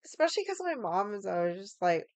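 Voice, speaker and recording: Woman, young adult, casual rambling chat, swears a lot, smooth clear voice, dry close sound. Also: mid-range voice, very animated, quick pace, no echo. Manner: rambling, heavy on 'like' and swearing. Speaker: streamer. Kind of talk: casual chat while drinking.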